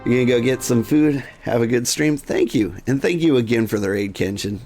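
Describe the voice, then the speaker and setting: A man streaming a video game, chatting casually in a relaxed, rambling way. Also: medium pitch, fairly quick, faint music behind.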